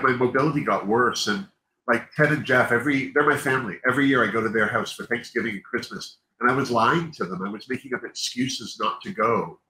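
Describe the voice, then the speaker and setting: With a bright, forceful mid-range voice, a male livestream host chats openly and emotionally, rambling and repeatedly stopping and restarting what he says. The recording has an echoey room and faint background noise.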